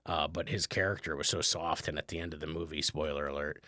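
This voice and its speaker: A man's voice: extremely low pitch, fairly even intonation, fast talker, pushed and bright, no room sound, clean studio sound. A man hosting his own podcast, chatting in a rambling, casual way with lots of fillers. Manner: rambling, conversational, many fillers. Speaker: podcast host, comedian. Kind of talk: casual solo podcast talk.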